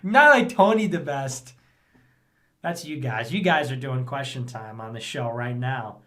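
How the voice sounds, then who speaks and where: A man's voice: medium pitch, measured pace, a bit bright. Rambling, sarcastic male vlog host. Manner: rambling, sarcastic, thinks aloud. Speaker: vlog host reading viewer messages. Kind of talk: casual commentary.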